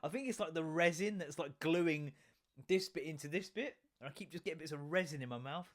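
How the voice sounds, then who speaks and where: A young man hosting his own podcast, rambling and joking with lots of swearing and sudden loud bursts. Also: a little high, brisk. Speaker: podcast host. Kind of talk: casual solo podcast rant.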